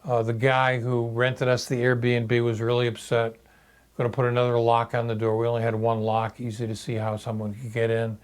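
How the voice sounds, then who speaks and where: A man in his sixties telling a personal story in a halting, reflective video monologue. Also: medium pitch, completely flat delivery. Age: 60s. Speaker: video blogger.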